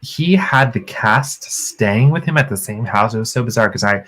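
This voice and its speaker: A man's voice: lowish voice, lively intonation, moderate pace, fairly bright tone. A man co-hosting a podcast, telling a story animatedly and acting out the quotes in a raised voice. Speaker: podcast co-host. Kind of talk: casual storytelling chat.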